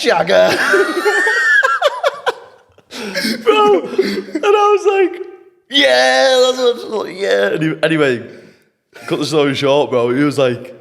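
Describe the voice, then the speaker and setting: A young man from England, a podcast guest, telling a story in an animated, casual, slangy way and swearing freely. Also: fairly low pitch. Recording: long hall reverb.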